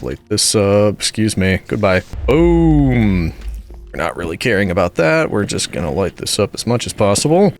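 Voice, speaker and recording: A man giving casual gameplay commentary as host, chatty and talking back to the monsters he meets. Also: on the low side. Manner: chatty, talks back to the monsters, swings between calm and exasperated. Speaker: gaming video host.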